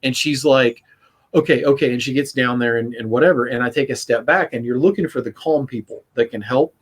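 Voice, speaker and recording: A man's voice: medium pitch, a little fast, breathy edge. A man hosting a casual podcast on church safety, telling a story earnestly and acting out what people said. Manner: earnest storyteller, acts out quotes. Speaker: podcast host.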